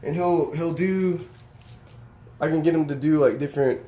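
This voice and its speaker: A man's voice: fairly high pitch, moderate pace, mellow. A man chatting casually on a live stream, coaxing his dog in a playful sing-song way. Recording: echoey, roomy sound with faint ambience.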